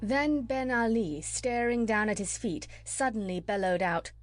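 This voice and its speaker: A woman narrating a classic children's story as an audiobook reader, steady and clear. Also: on the high side, measured pace, hardly any pauses, no room sound. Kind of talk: scripted narration.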